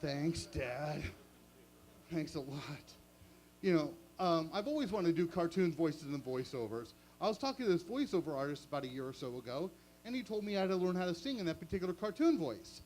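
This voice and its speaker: A man's voice: fairly high pitch, big pitch swings, brisk, a little mellow, a little hiss or hum. Self-mocking man doing open mic stand-up. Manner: chatty, self-mocking, chuckles at own jokes. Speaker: stand-up comedian. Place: small open mic venue.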